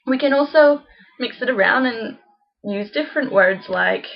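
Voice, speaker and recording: Woman, higher voice, casual teacher who repeats examples slowly; dull lo-fi home recording. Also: animated, gravelly. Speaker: language teacher. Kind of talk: casual beginner lesson.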